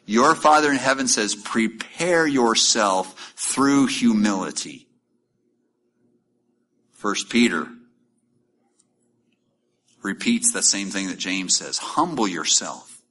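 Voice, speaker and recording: A man's voice: on the low side, very animated, takes it slowly, pauses often, pushed and bright, a little hiss or hum. A middle-aged man preaching a sermon in a conversational way, asking rhetorical questions and acting out quoted lines. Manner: acts out quoted lines in shifting voices. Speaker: pastor.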